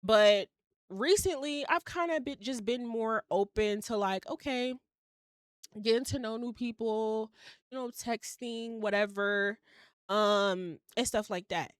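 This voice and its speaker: A woman's voice: on the high side, a little slow, smooth, no room sound, clean studio sound. A young woman hosting her own podcast in casual solo chat, blunt and candid, laughing at herself as she talks. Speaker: podcast host. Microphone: home setup on shaky wifi.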